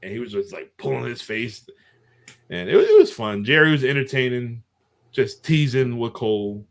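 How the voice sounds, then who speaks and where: A man's voice: mid-range voice, big pitch swings, normal speed, creaky. A man hosting a podcast, loosely recapping a wrestling show with a chuckle here and there. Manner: rambling play-by-play recap, chuckling. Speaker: podcast host. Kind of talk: casual podcast chat.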